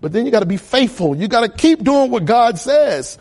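A man preaching a sermon, building repeated phrases to loud emphatic peaks. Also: very high voice, very animated, a little fast. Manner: emphatic, repetitive cadence, rising to loud peaks.

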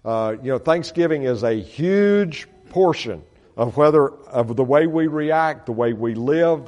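A man speaking as a missionary, walking a congregation through a slide show at a middle pitch. His talk is folksy and earnest. He often stops, says "uh" and starts a sentence over. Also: darkish tone. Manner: folksy and earnest, many fillers and restarts. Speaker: missionary reporting to supporters.

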